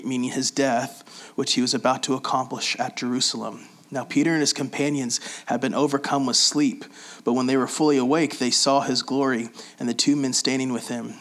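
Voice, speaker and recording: A man gives casual Bible teaching at a medium pitch, reading scripture aloud in a relaxed, conversational style. He explains the passages with frequent pauses and fillers.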